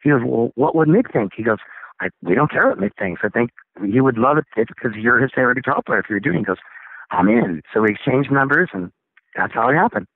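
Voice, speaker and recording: Lively man on a tinny phone line. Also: fast, no echo. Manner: animated, acts out others' lines in high excited voices. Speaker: rock singer, interview guest. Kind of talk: casual storytelling interview.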